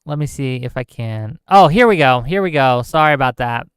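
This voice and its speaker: A man hosting a political livestream, his voice smooth and crisp on a close mic. He speaks with passion, says points twice over and keeps asking his audience "right?" The sound is dry, with hardly any room around it. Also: medium pitch, expressive, normal speed, dry recording. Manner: impassioned, repeats himself for emphasis; checks in with listeners with "right?". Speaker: livestream host.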